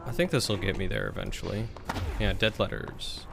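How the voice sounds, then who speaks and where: A man's voice: fairly low pitch, animated, normal speed, vocal fry, background noise. Chatty male game streamer. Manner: chatty, rambling, thinks aloud. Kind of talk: casual game commentary.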